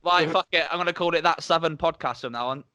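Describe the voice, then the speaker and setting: A man's voice: fairly high pitch, fast, bright, forceful tone, dry recording, studio quality. A man in his twenties with a Dorset accent, hosting a podcast in a casual, chatty way and swearing freely. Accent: Dorset English. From Dorset, England. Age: 20s. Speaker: podcast host. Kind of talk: casual chat.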